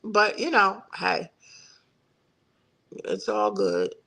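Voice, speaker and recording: Gravelly middle-aged woman chatting live. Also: fairly low pitch, huge pitch swings, drawn-out words, a bit bright, poor audio. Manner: chatty, folksy, reads viewer comments aloud. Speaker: livestream host. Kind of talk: casual live-stream chat.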